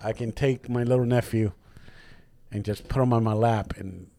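A man hosting a podcast, telling stories in an animated way and swearing a lot. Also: mid-range voice, normal speed, background noise. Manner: profane, animated storytelling. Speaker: podcast host. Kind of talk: casual podcast chat.

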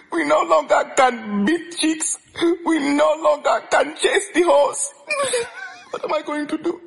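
A man's voice: very high-pitched, gravelly, a bit bright, full character voice, poor audio. A man putting on a Nigerian accent as a boastful, self-pitying playboy in a comic played clip. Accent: put-on Nigerian. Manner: comic whining lament, laughing through it.

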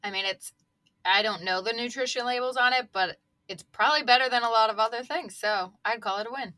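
A woman's voice: on the high side, a little fast, bright, forceful tone, no room sound. A woman co-hosting a podcast in casual chat, upbeat and playful. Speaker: podcast co-host.

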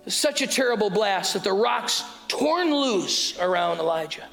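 A middle-aged man preaching a sermon on a mic, calling out to the congregation and swinging from loud to hushed. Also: sits high, lively intonation, normal speed. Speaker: pastor. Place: church hall. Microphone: wearing a mic. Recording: sermon in a hall with music.

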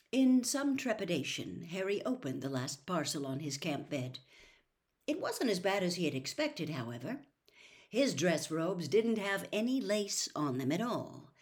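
A woman reading a novel aloud as a storyteller in an expressive, lively way. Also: on the low side, unhurried. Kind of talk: audiobook reading.

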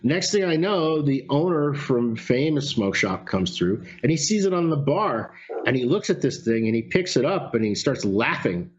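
Animated storytelling man, lo-fi sound. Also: medium pitch, normal speed. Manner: animated storyteller, swears casually. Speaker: podcast guest. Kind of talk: casual storytelling.

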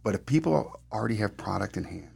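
A man co-hosting a podcast, joking and teasing in animated casual studio chat. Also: lowish voice, fast, creaky, breathy edge. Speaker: podcast co-host.

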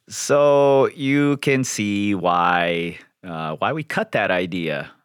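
A man's voice: lowish voice, animated, takes it slowly, clean tone, dry recording, studio quality, soft background music. A man hosting his own podcast, chatting casually and self-deprecatingly with his listeners. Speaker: podcast host.

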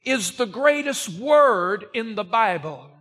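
Very high-pitched guy preaching a sunday sermon, bright edgy tone, reads the old bible wording, shouts the big words. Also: lively intonation. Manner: slow, emphatic preaching that rises to shouts on key words; reads scripture aloud in old-fashioned wording. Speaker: pastor.

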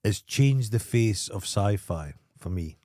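A man's voice: on the low side, expressive, slow pace, darkish tone, dry recording, clean studio sound. A middle-aged man with a Scottish accent, co-hosting a podcast, telling stories bluntly and grumpily with lots of swearing. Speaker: podcast co-host. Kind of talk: casual chat.

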